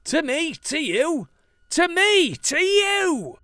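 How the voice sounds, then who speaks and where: A man voicing a mocking, high-pitched prankster spirit with a shrill, sing-song, taunting manner. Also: very animated, slow pace, bright, forceful tone, no room sound, clean studio sound, exaggerated voice. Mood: gleeful.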